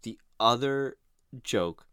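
A man talks casually on a podcast, clearly excited as he goes over scenes he loves. His voice sits in a mid range. The recording is dry and close to the mic. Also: medium pitch, slow pace, no echo. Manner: enthusiastic, animated retelling of jokes. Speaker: podcast host. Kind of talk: casual chat.

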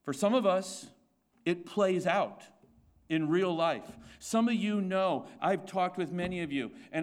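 A man preaching a Sunday sermon with a notably high voice. He asks his congregation rhetorical questions, hammers home his points by repeating them, and trips over restarts as he works out each thought. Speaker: pastor.

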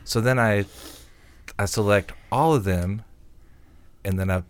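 A middle-aged man hosting a show, casually telling a rambling story that gets animated in the retelling. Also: fairly low pitch, unhurried, a little hiss or hum. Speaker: radio show host. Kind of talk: casual chat.

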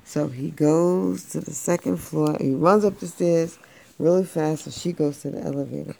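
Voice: medium pitch, normal speed, creaky, dark tone. A parent improvising a playful, slangy bedtime story for a child, doing the voices.

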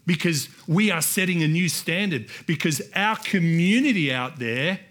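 In a church hall, a pastor with an Australian accent delivers a sermon that climbs into forceful repeated lines as he calls out to the people. He sounds slightly high, expressive and fairly bright, speaking at a moderate pace.

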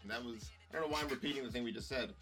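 A man's voice: mid-range voice, racing, over music. A man guest comedian on a podcast, rambling easily through an anecdote. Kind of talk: casual comedy podcast chat.

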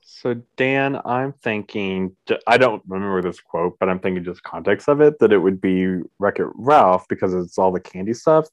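A man's voice: fairly low pitch, animated, moderate pace, muffled recording. A man playing a quiz game, talkative and reasoning aloud about his guesses. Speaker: quiz contestant. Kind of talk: casual game chat.

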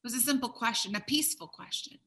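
Bright high-voiced woman preaching. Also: lively intonation, fast talker, breathy edge, rough recording. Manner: emphatic preaching, swinging from loud stresses to hushed low tones. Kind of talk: sermon.

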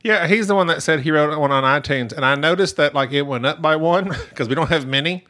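A man co-hosting a casual podcast, tossing in quick wisecracks. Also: a little high, pushed and bright. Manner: wisecracking, quick jokey interjections. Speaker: podcast co-host. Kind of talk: casual chat.

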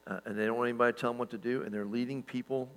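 A man pastor giving a sermon in a relaxed, conversational way, with lots of fillers and restarts and chuckles at his own stories. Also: mid-range voice, racing, clear, resonant tone, rough recording.

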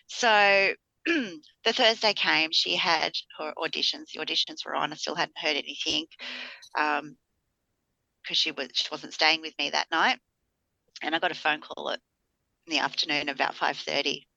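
A middle-aged woman with a bright, forceful tone tells a family story in casual podcast chat. She brings the people she quotes to life as she tells it. The sound is dry and a little dull. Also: deep voice, moderate pace, creaky, long pauses, no echo. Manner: animated storyteller acting out quotes. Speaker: podcast co-host.

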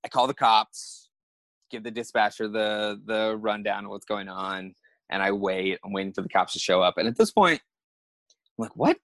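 A young man, a podcast guest, telling a story in a lively way and acting out his own thoughts. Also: lowish voice, normal speed, no echo. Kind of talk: animated storytelling.

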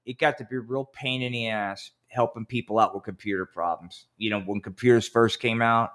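A man in his fifties, a podcast co-host telling rambling, profane stories in casual chat and acting out quotes in a raised voice. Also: medium pitch. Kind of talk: casual storytelling.

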